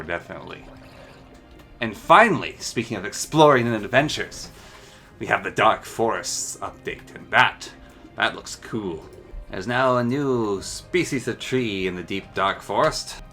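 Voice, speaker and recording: A man with a lowish voice and a bright, forceful tone talks through a game mod showcase. His commentary is casual and eager, and he muses aloud as he points things out. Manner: chatty and enthusiastic, muses aloud.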